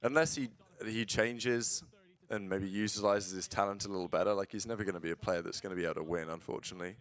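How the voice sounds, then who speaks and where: A man streaming casual watch-along commentary on esports matches, blunt and swearing, bursting into excited play-by-play. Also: lowish voice, quick pace.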